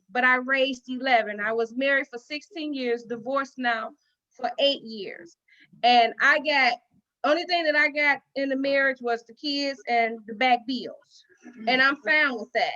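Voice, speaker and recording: Bright high-voiced woman telling stories. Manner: folksy storytelling with acted-out quotes and repetition. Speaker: guest speaker at a women's dinner. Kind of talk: heartfelt personal speech. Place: dinner event venue. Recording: dull lo-fi recording.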